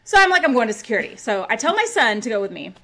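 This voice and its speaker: A woman in her forties, a podcast co-host, telling a story in frank, rowdy, animated casual chat. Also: fairly high pitch, very fast. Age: 40s.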